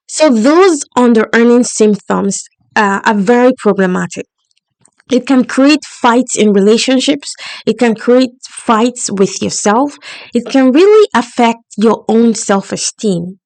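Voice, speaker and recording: A woman's voice: on the high side, normal speed, a little mellow, dry recording. Woman coach doing her solo podcast, upbeat and encouraging, dry close mic. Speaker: podcast host and money coach.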